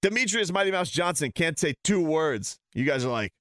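A man's voice: on the high side, lively intonation, normal speed, fairly bright tone, dry recording, studio quality. A man ranting heatedly and sarcastically as a sports talk host.

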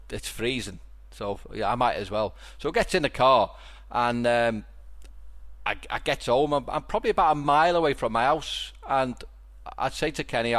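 Middle-aged Liverpool man, podcast host, relaxed rambling storyteller, mid-pitched voice. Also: brisk. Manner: rambling storyteller with many restarts. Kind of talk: casual chat.

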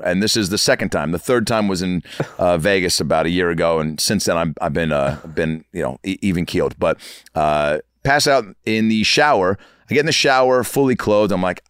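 A man in his thirties telling comic stories as a podcast guest, animated and acting out the people in them. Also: sits low, clear, resonant tone, dry recording, clean studio sound. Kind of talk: comic storytelling. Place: podcast studio.

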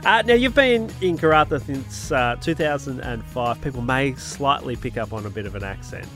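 A man's voice: medium pitch, animated, moderate pace, music in the background. A man hosting a local podcast, reading an upbeat intro and interviewing a guest. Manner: friendly, upbeat presenter with scripted intro. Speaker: podcast host.

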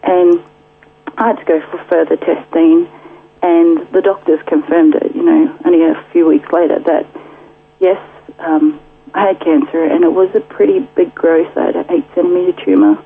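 A woman shares her story as a radio guest in a chatty, filler-filled way, laughing often. Her voice is husky. She is heard over a thin, tinny phone line. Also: fairly low pitch, steady tone, normal speed. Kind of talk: casual testimony.

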